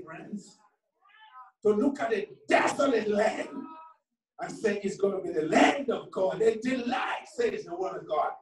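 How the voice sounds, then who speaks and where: A male preacher delivers a fervent sermon and urges the congregation to repeat his words. His voice runs high and swings widely, and he takes his time. He is recorded from a distance in a roomy, echoing hall. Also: animated, a little slow. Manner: impassioned, calls for congregation responses. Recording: echoey hall from far off.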